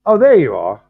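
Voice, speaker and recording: A man hosting a livestream in casual chat, halting and distracted, restarting his sentences as he fiddles with the stream settings. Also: high-pitched, gravelly, no echo. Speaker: livestream host. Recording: thin phone-like video-call audio.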